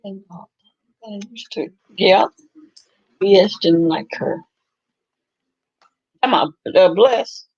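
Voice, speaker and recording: A woman's voice: mid-range voice, extremely slow, long pauses, a little mellow, muffled recording. A woman hosting a casual chat, laughing often and reacting to what she is listening to. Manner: laughing, gossipy reactions to a livestream. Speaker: host.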